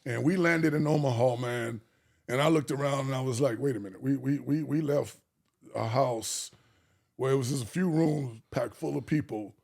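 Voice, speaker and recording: A man from Arkansas telling an animated life story as a podcast guest, acting out the people he quotes and swearing freely. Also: mid-range voice, normal speed, vocal fry. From Arkansas, USA.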